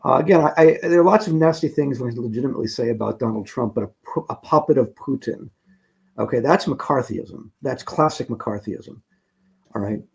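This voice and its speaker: A man appearing as a guest on a radio talk show, giving measured, critical political analysis. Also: medium pitch, vocal fry, husky. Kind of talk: political commentary in conversation.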